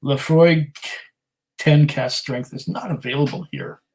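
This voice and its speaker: A man's voice: on the high side, steady tone, measured pace, darkish tone, low-quality recording. Rambling man chatting on a livestream. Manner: rambling and self-deprecating, with many fillers and laughs. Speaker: whisky channel host. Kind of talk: casual livestream chat reading viewer comments aloud.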